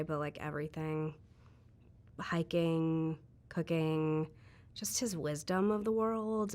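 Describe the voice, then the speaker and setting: Woman, low register, candid interview guest, reflective, filler-heavy. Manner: chatty, frequent "like" fillers, reflective.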